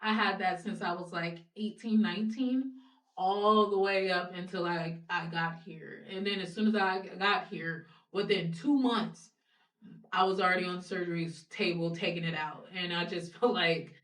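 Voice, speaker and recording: A woman's voice: lowish voice, normal speed. A young woman from Ohio, a guest in a casual interview, speaking frankly and swearing freely. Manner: frank and animated, swears freely, laughs between points. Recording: roomy sound from a distant mic.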